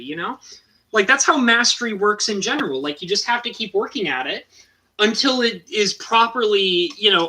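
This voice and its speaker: A young adult streamer talks loosely over a live painting session. The voice is bright and edged, swinging widely in pitch, and the talk wanders with restarts and fillers. It comes through a home computer mic. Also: rough recording. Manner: rambling, with frequent restarts and fillers. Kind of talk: casual live-stream chat.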